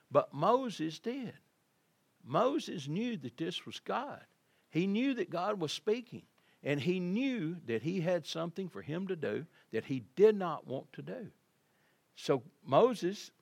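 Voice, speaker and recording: A man's voice: on the high side, gravelly, no room sound. An older man, preaching a sermon in a folksy, conversational way with frequent repetitions.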